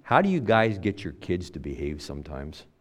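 An older man preaching to his congregation in a low voice. He talks in a conversational way, pushes some phrases out loud for emphasis, then drops into quiet asides. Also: very animated, normal speed. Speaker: pastor. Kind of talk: sermon.

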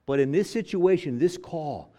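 A man's voice: fairly high pitch, lively intonation, moderate pace, warm tone. A man preaching a sermon, driving points home by repeating phrases. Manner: emphatic preaching with stacked repetitions.

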